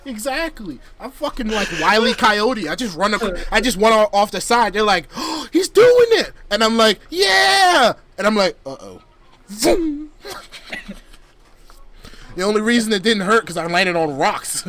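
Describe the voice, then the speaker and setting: A young man co-hosting a podcast, telling stories in an animated, profane way with loud outbursts. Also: high-pitched, moderate pace. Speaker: podcast co-host. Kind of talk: casual chat.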